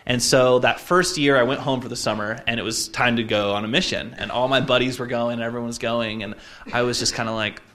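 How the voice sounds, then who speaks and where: A man in his twenties from Utah, telling a personal story in a casual, reflective way, halting often with fillers and restarts. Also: mid-range voice, fairly even intonation, fairly bright tone.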